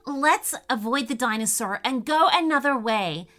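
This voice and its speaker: A woman's voice: high voice, lively intonation, normal speed, fairly bright tone. A woman voicing a curious, slightly anxious young girl in a storybook, often asking questions. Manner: questioning, wide-eyed.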